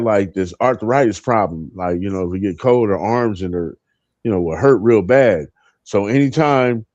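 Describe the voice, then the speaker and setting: A man's voice: mid-range voice, darkish tone, no room sound, muffled recording. A man in his fifties telling profane, laughing stories as a co-host on a live panel. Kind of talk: casual storytelling on a live panel.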